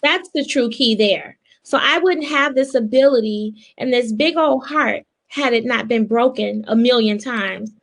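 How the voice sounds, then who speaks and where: A woman's voice: a little high, unhurried, creaky, hardly any pauses. A woman hosting a podcast interview who speaks in an earnest, reflective way. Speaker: podcast host. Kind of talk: casual interview talk.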